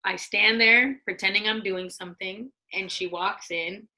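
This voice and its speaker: A middle-aged woman, a former studio executive, telling lively stories in casual conversation, acting out what people said and laughing often. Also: medium pitch, unhurried, rough recording. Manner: animated, acts out quotes, laughs often. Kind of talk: casual storytelling.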